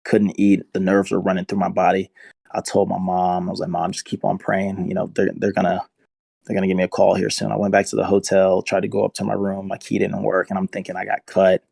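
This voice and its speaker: A man's voice: low voice, completely flat delivery, fairly quick, creaky, dark tone, dry recording. A man in his twenties, a football player and interview guest, telling his story in an earnest, emotional way. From United States. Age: 20s.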